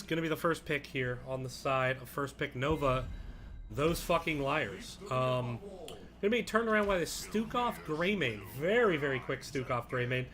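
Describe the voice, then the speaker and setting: A man's voice: a little high, fairly bright tone. A man casting an esports draft solo on a live stream, casual and crude, with joking asides. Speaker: esports caster.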